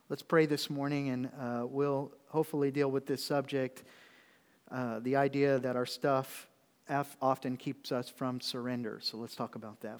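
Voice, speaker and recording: Conversational pastor preaching in a reverberant hall. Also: male voice, a little high. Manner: conversational preaching with folksy asides. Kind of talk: sermon. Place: church sanctuary.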